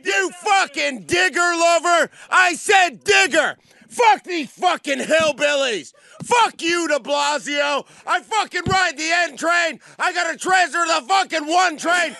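New male co-host, bright, tense, furious profane banter. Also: extremely high pitch, unhurried, vocal fry, no echo. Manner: angry profane ranting. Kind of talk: crude radio banter.

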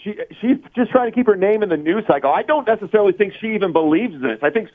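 A man's voice: high voice, animated, quick pace. A man who is a comedian guest, calling in to a casual radio chat and talking in an easygoing way. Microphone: phone call. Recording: tinny phone line.

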